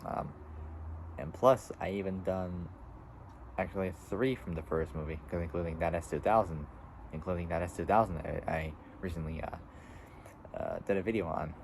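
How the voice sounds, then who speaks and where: A man's voice: deep voice, moderate pace, vocal fry, a little mellow, a little hiss or hum, poor audio. A seventeen-year-old boy vlogging outdoors, rambling casually with lots of fillers and restarts. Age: teens. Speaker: YouTuber. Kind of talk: casual vlog.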